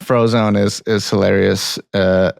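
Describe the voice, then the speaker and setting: A man co-hosts a film podcast in a loose, rambling way, laughing often. His voice sits fairly low with a gravelly edge. The sound is dry and close. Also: little pitch movement, measured pace, dry recording. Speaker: podcast co-host. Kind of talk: casual chat.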